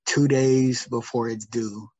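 A man, a teacher and podcast guest, telling stories in a casual, animated way and acting out his students' lines. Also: mid-range voice, slow pace, no echo. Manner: animated, acts out students' lines, many fillers. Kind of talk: casual storytelling conversation. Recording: muffled dry podcast audio.

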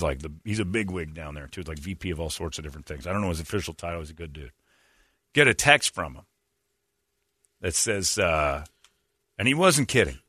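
A man hosting a radio show, telling a self-mocking story in casual chat, animated and quick to laugh. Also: sits low, breathy edge, no echo.

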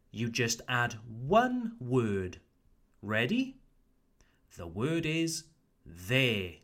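A man teaching English in a podcast lesson, encouraging the listener and slowly modelling phrases for them to repeat. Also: medium pitch, fairly bright tone. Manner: encouraging, coaxing.

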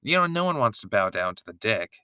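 A man's voice: on the low side, big pitch swings, quick pace, sharp tone, no room sound, studio quality. An American man co-hosting a casual, comedic recap podcast, joking and slipping into silly put-on accents. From United States. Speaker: podcast co-host.

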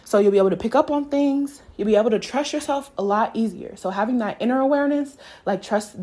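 A woman's voice: medium pitch, a little mellow. A young woman hosting a casual spiritual podcast, talking candidly, swearing freely and laughing often. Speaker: podcast host.

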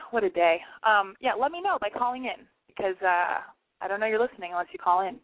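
Taking calls on her casual podcast from home, this woman talks fast in a mid-range voice with lively intonation, heard through phone-quality audio. Her manner is frantic and self-deprecating, with plenty of cursing.

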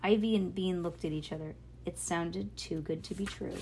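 A woman's voice: lowish voice, steady tone, normal speed, vocal fry, mellow, slight background noise. A woman reading a children's book aloud in an informal way, stopping now and then to correct her own misreadings. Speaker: reader.

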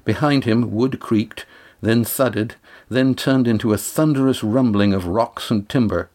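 A man narrating an audiobook chapter in a steady, measured way. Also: mid-range voice.

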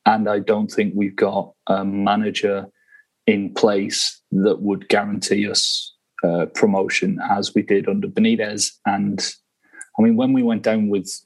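A man's voice: fairly low pitch, level tone, a little slow, poor audio. A man co-hosting a football podcast, telling stories in a casual chatty way and laughing often. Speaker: podcast co-host. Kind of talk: casual chat.

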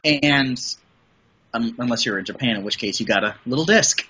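A middle-aged voice and audio producer from the American Midwest rambles happily as a podcast guest, frequently starting over mid-thought. He speaks at a moderate pace in a sharp, mid-range voice, on dull audio with a little hiss or hum.

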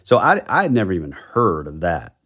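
A man's voice: deep voice, huge pitch swings, a little fast, a bit bright. A man co-hosting a podcast in casual chat, rambling and correcting himself as he tells a ghost legend. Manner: rambling, self-correcting storyteller. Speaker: podcast co-host.

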